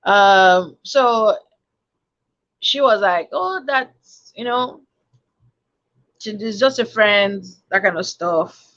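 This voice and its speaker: A woman's voice: mid-range voice, extremely slow, pauses often. A woman chats through a story for her podcast, acting out bits of dialogue and tossing in asides. Her voice sits in a middle register. The recording sounds dull and a bit lo-fi. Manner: animated, lots of quoted dialogue and asides. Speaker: podcast host. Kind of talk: casual storytelling chat.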